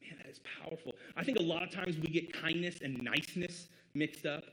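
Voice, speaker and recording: A man's voice: on the high side, a little fast, bright, forceful tone, low-quality recording. Earnest, conversational man preaching a sermon. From American Midwest. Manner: conversational and earnest, with emphatic rhetorical questions. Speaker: pastor.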